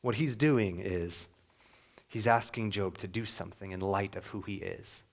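A young adult man preaching a sermon as pastor, earnest, sometimes dropping to a soft hush. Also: lowish voice, measured pace, creaky.

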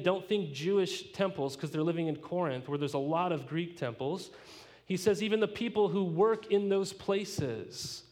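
A male pastor teaching a sermon in a casual, animated way, tossing rhetorical questions to the congregation and adding playful asides. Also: sits high. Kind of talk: conversational sermon.

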